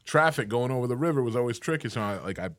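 A man's voice: medium pitch, animated, rapid-fire, a bit bright, no echo, studio quality. A man hosting a podcast, chatting brashly with lots of swearing and acting out quoted voices. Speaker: podcast host. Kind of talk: casual chat.

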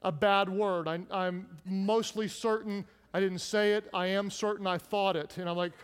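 A middle-aged man, a pastor, preaching a sermon and telling personal stories with humor and hushed intensity. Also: high-pitched, fairly even intonation, normal speed, smooth, big-room sound.

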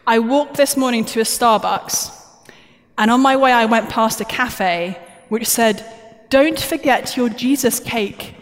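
A woman's voice: on the high side, unhurried. A woman giving a plenary talk at a conference, chatty, jokey and self-deprecating. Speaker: conference speaker. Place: large conference hall. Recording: roomy hall reverb from a stage mic.

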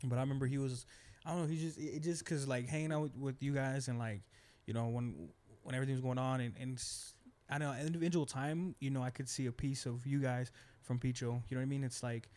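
A man's voice: medium pitch, steady tone, a little mellow. A man hosting an interview, chatting casually and sharing his own memories. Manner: quick, loose, backchannels often. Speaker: host.

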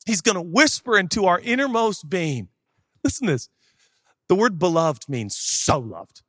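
Man, preacher, lively swooping pitch, jokey, dry sound. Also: moderate pace, no echo. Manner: animated, jokey, acts out little dialogues, sudden shouts. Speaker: pastor. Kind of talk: sermon.

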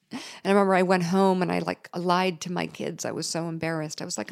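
A woman's voice: on the low side, fairly even intonation, fairly quick, gravelly. A middle-aged woman telling a personal story in a candid, emotional way, with laughs and chatty fillers.

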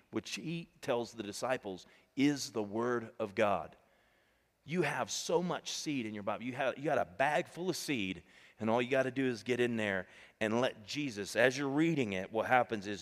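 A male pastor preaching a sermon to a congregation, animated and emphatic, calling out to the people. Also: lowish voice, big-room sound. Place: church stage before a congregation.

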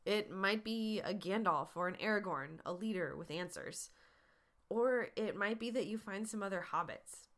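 A woman's voice: mid-range voice, normal speed, a bit bright. Woman podcast host talking through listener questions, earnest and encouraging, easygoing chat. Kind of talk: casual advice talk.

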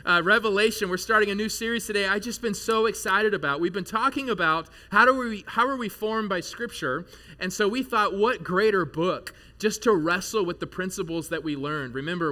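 A man in his thirties preaches to his congregation in a keenly bright, sharp voice pitched a little high. He tells his story with animated, jokey energy and breaks into sudden loud outbursts. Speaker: pastor. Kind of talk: sermon with a humorous personal story. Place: church service before a live congregation.

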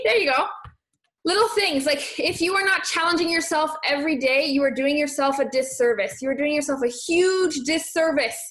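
A young woman with a high voice leads a motivational live chat, warmly pushing her viewers to step out of their comfort zone. She sounds energetic and encouraging. The room is echoey. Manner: energetic, encouraging, reads viewer comments aloud. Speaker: live stream host coaching viewers.

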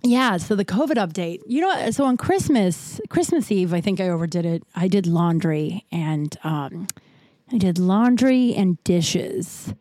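A woman's voice: fairly low pitch, lively intonation, a little slow, warm tone, no echo, studio quality. A young adult woman hosting a solo podcast, telling candid, self-deprecating stories in a rambling, jokey way while short of breath. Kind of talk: rambling casual monologue.

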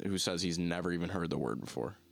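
A young man with a Northeastern US accent and a low voice talks loosely as a podcast co-host. He trails off and restarts often, and the recording is dry and close, with no room sound. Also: gravelly, no room sound. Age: young adult. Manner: rambling, halting, many restarts and fillers. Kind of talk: casual chat.

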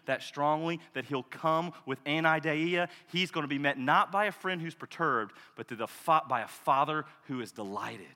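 Male preacher, passionate sermon delivery, bright, forceful tone, long reverb of a large church. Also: a little high. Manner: passionate, swings from loud declarations to hushed intensity.

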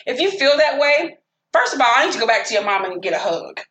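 A woman telling dating stories in casual chat, profane and animated. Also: on the high side, fast, echoey room.

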